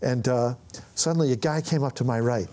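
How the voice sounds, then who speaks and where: Speaking fairly quickly in a mid-range voice, an older film writer-director shares anecdotes as a guest in an on-stage conversation before an audience. He tells them with animation, performing the quoted voices of the people he describes.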